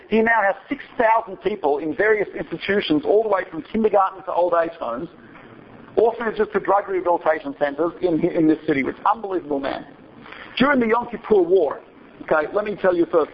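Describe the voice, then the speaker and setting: A man's voice: high voice, husky, lo-fi sound. A man giving a talk to an audience, telling a story in a conversational way and often checking in with "right?". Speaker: speaker.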